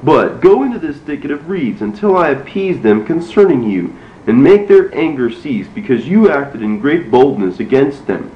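A man voicing a gentle, merciful noblewoman as he reads a storybook aloud, in an earnest, pleading way. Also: mid-range voice, sing-song, moderate pace, close to an everyday voice. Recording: roomy, dull, faintly noisy.

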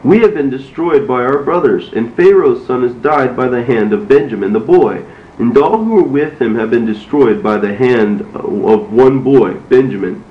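A man's voice: medium pitch, expressive, normal speed, lightly acted. A man voicing a band of frightened brothers who plead for mercy, reading a storybook in a fearful, begging way. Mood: panicked. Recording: roomy, dull, faintly noisy.

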